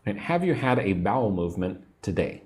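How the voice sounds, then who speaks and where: A man's voice: fairly low pitch, sing-song, a little fast, darkish tone. A man teaching an English lesson on a livestream, patiently repeating words for learners and sounding a little sleepy. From United States. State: sleepy, yawning.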